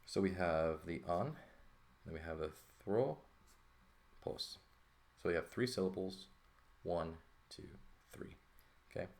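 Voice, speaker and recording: A man's voice: low-pitched, takes it slowly, pauses often, darkish tone. A man teaching a recorded lesson in a casual, thinking-aloud way, often checking in with "okay?" and "right?". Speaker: Greek teacher. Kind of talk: informal recorded lesson, writing on paper.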